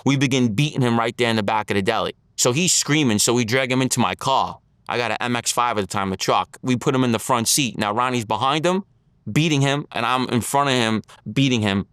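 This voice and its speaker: A man's voice: medium pitch, brisk, a bit bright, smooth, no room sound, clean studio sound. A man telling his story as an interview guest, in blunt street talk, acting out the lines of others.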